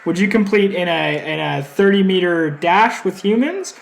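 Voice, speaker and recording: A man's voice: high-pitched, expressive, normal speed, vocal fry, hardly any pauses, roomy sound, a little hiss or hum. A man playing an earnest podcast interviewer in a mock news report, polite and often stumbling over his words.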